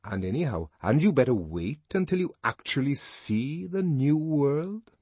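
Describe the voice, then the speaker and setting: A man's voice: mid-range voice, big pitch swings, unhurried, a little mellow, husky, dry recording, voice pushed up. A man voicing a nervous, self-important young official in an audiobook, stiff and fussy in manner. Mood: formal.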